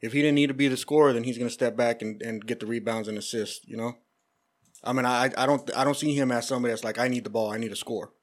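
A man's voice: medium pitch, fairly even intonation, fast talker. Hesitant man musing about basketball. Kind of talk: casual sports chat.

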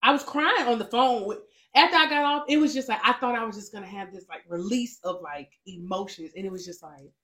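A woman co-hosting a casual faith podcast, telling her story with lively acted-out quotes. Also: medium pitch, a little fast. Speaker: podcast co-host.

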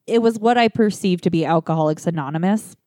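A woman telling a dark personal story in casual chat, blunt and profane, with laughs between lines. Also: fairly low pitch, fast talker, dry recording, studio quality.

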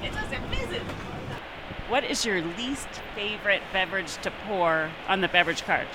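A woman's voice: mid-range voice, animated, moderate pace, very noisy. A woman asking crew members short questions. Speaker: interviewer. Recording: loud music behind.

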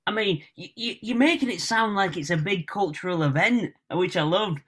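A young man with a Hull accent, guest on a podcast, chatting quickly and laughing often over a video call. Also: sits high, fairly bright tone, slightly rough. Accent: Hull, Northern English. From Hull, England. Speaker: guest comedian. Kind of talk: casual podcast chat.

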